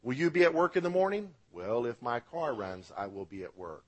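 A man preaching a sermon as pastor, swinging between loud emphatic lines and quiet low drops, asking the congregation to repeat words after him. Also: big pitch swings, a little fast. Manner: emphatic preaching, rising and dropping for effect.

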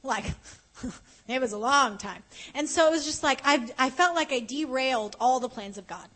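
A woman preaching a conversational sermon at a conference, earnest and animated, slowing down to stress key points. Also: sits high, rough recording. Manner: earnest, animated, often slows for emphasis. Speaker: conference speaker.

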